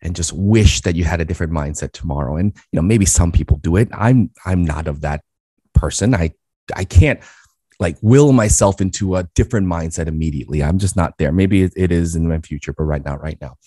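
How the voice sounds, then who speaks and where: Deep-voiced man telling a lively story. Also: a little fast, breathy edge, no room sound, studio quality. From Queens, New York. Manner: animated storyteller, many restarts and fillers. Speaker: guest, business speaker. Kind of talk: storytelling in a podcast interview.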